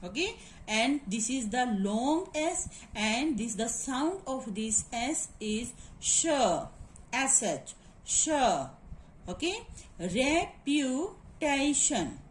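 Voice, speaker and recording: Lady teacher, slow and fairly high, spells stuff out one letter at a time, echoey room. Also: very animated, slight background noise. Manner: repeats words, spells sounds out letter by letter. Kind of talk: classroom lecture.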